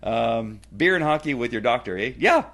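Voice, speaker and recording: A middle-aged man giving a casual personal testimonial, rambling with many fillers and restarts and growing animated when he retells family scenes. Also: mid-range voice, normal speed, gravelly. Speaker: testimonial speaker.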